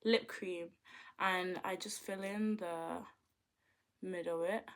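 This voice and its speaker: Speaking slowly in a lowish voice, a young woman gives a chatty makeup tutorial from home. Her quiet murmurs during application give way to loud, thrilled outbursts.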